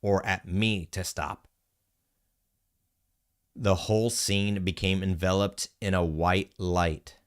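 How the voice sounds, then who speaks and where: A man's voice: low-pitched, slow, pauses often. A man streaming a game, reading its story text aloud with earnest expression. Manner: earnest, expressive reading with brief surprised asides. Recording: game music behind the voice.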